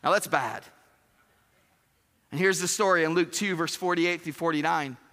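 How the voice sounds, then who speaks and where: An animated male pastor preaching in a large church hall, his voice high and bright. He plays out little dialogues and throws questions at the crowd, with a long reverb trailing every line. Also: moderate pace. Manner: animated, acts out quoted dialogue, asks the congregation questions. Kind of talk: sermon.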